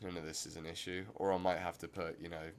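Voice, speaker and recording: A man's voice: low-pitched, level tone, fast talker, a little hiss or hum. A man giving rambling, chatty commentary while streaming a game. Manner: rambling, self-interrupting, chatty. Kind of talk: casual gameplay commentary.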